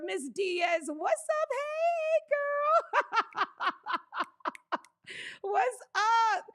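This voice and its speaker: Woman live-streaming shout-outs, high voice, gravelly fry, exuberant, whooping and shouting greetings. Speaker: livestream host.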